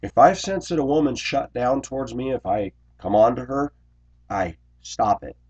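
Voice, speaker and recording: A man who drives a school bus, telling a workplace grievance story in an indignant, complaining way, clearing his throat often. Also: mid-range voice, animated, normal speed, a little mellow, muffled recording. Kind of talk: ranting personal storytelling vlog.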